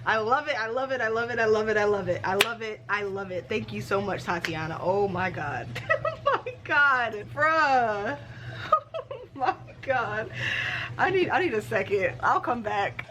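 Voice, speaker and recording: A woman in her twenties vlogging casually, excited and gushing, laughing often and using casual slang. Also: mid-range voice, normal speed, hardly any pauses, noisy background. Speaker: book vlogger. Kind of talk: casual vlog.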